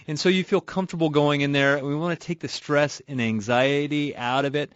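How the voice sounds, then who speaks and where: Chatty radio host, dry muffled sound. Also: male voice, on the high side, fairly even intonation, fairly quick, hardly any pauses, no room sound. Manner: conversational, repeats words and restarts, laughs easily. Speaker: radio show host and auto repair shop owner. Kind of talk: casual radio call-in chat. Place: radio studio. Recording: muffled radio broadcast audio.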